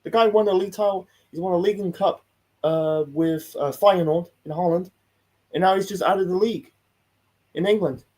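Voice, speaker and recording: Husky high-voiced man ranting about football. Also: brisk, darkish tone. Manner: rambling, repetitive, heated and sweary. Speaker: host reacting to a football video. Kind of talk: casual live-stream rant.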